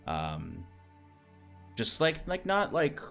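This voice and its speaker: A man's voice: on the high side, huge pitch swings, very slow, creaky, a bit bright. A man narrating a tabletop game as game master, describing scenes with many fillers. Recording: faint music behind.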